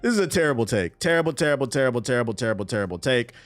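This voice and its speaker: A man's voice: mid-range voice, very fast. A man hosting a live stream, reacting in a casual, profane and exasperated rant. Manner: animated, profane, exasperated ranting. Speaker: streamer and host.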